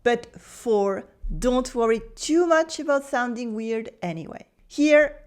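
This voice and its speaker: A woman with a French accent teaching pronunciation, speaking slowly and carefully and repeating words for the listener. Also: on the high side, a little mellow. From France. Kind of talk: pronunciation lesson.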